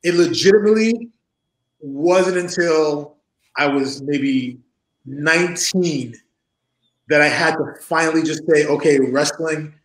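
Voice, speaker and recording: This man in his forties takes it slowly, telling casual stories as an interview guest in a somewhat high voice. He calls in by video from home, and the room gives his voice an echo. His delivery is loose and animated, with frequent laughter and impressions of the people he describes.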